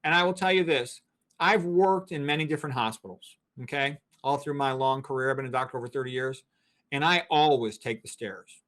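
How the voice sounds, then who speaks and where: Speaking briskly at a medium pitch with a fairly bright tone, a sixty-something doctor lectures as an interview guest. His explanations are blunt and emphatic.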